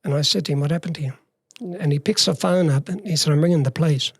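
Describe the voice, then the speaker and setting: A man's voice: a little high, fast, breathy edge, no echo, clean studio sound. Older Australian man telling life stories. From regional Western Australia. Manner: long story told in plain words, acting out past dialogue. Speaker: interview guest, former youth worker. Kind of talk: personal storytelling in a conversation.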